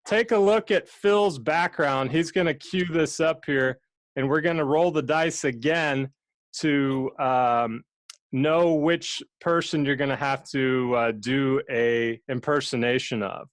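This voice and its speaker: Chatty game show host. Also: male voice, mid-range voice, takes it slowly, dry recording. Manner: relaxed, chatty, with frequent fillers. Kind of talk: hosting a live video-call game show. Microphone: video call.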